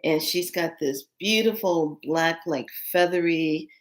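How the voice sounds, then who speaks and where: A woman telling a spiritual story in casual, animated speech with many fillers, acting out quoted voices. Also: low-pitched, measured pace.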